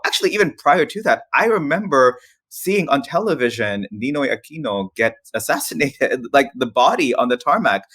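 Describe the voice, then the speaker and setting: A man in his forties from the Philippines, a podcast guest telling personal stories in a lively, restart-filled way with frequent laughs. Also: mid-range voice, no room sound. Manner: animated, laughs often, many restarts. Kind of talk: casual storytelling interview.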